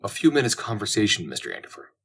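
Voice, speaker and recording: A shifty older notary speaks with smooth, ingratiating politeness that hides his aims, in a storybook reading. The voice sits low and husky, a man putting him on. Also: very animated, racing, a bit bright, exaggerated voice. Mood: sly. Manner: evasive, ingratiating. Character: sly older foreign male notary, shifty.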